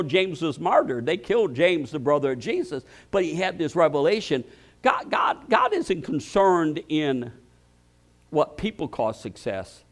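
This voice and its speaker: An older man preaching a sermon. He speaks with emphatic bursts that drop to low intensity, and he repeats words as he starts his sentences. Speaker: pastor.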